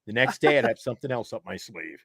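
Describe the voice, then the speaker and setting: A man's voice: medium pitch, fast talker, creaky, breathy edge, dry recording, studio quality. A man co-hosting a casual live sports chat show, telling old radio stories with a lot of energy. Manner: storytelling, lively, does voices of people he quotes. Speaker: podcast co-host. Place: home studio, live stream.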